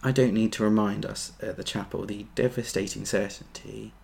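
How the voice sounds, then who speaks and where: A man preaching a sermon, earnest, building to emphatic peaks and then dropping soft. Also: on the low side, fairly even intonation, moderate pace, creaky.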